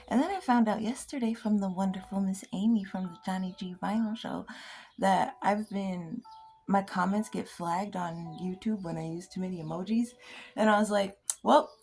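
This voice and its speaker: Woman, casual storytelling chat, giggly and excitable, sudden whispers, faint music underneath. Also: mid-range voice. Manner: giggly, excitable, swears freely, drops into whispers. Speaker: poet and podcast host.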